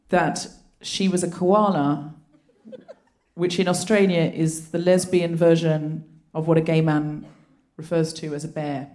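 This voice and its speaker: A woman hosting a live comedy podcast on a theatre stage, telling stories in a playful, giggly way. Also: fairly low pitch. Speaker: podcast host. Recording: live theatre recording with crowd noise.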